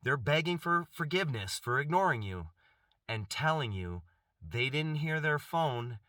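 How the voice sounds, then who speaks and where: A man's voice: a little high, lively intonation, unhurried, bright, forceful tone, no echo. A middle-aged man giving an earnest, impassioned self-help monologue, often restarting and repeating phrases.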